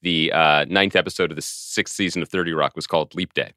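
A man's voice: low-pitched, fairly even intonation, fairly quick, pushed and bright, no room sound, clean studio sound. A middle-aged man co-hosting a podcast, chatting casually in a wry, self-deprecating way. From Philadelphia. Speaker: podcast co-host. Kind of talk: casual chat.

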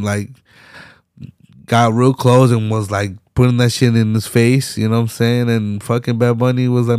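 A young man rants solo on his podcast in heavy slang, swearing freely and laughing as he goes. His voice has a gravelly, fry-tinged edge at a middle pitch. The sound is dry and close, with no room around it. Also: no echo. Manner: profane, animated street slang, frequent laughs. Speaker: podcast host. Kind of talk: casual solo commentary.

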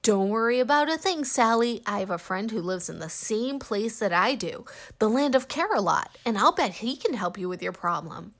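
Woman voicing Grumpy Bear, a gruff little bear. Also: fairly high pitch, expressive, moderate pace, fairly bright tone. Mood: kindly gruff. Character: small grumpy male blue bear.

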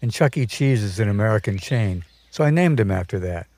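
A man's voice: lowish voice, expressive, brisk, warm tone, dry recording. A male storyteller voicing a proud, bossy woman who runs a jungle home, speaking in an airy, self-satisfied way. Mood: breezy, proud.

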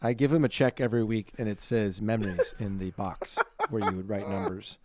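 A man's voice: on the low side, fairly even intonation, fairly quick, a little mellow. A man co-hosting a podcast, chatting in a bubbly, jokey way. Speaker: podcast co-host. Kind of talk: casual chat.

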